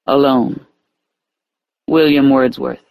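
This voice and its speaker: A man reading an audiobook as narrator in a measured, even way. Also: mid-range voice, creaky, no echo, poor audio. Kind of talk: scripted narration.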